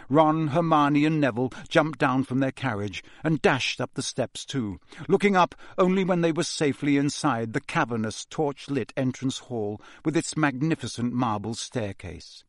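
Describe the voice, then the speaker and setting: A man narrating a fantasy novel as an audiobook in a measured storytelling manner. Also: mid-range voice, no echo, studio quality. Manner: measured, even storytelling delivery.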